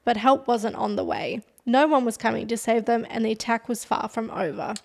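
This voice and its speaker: Chatty woman podcast host, slightly high voice. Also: normal speed, vocal fry. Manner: chatty, heavy use of "like" as filler; lively, dramatic retelling. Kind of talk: casual true-crime storytelling.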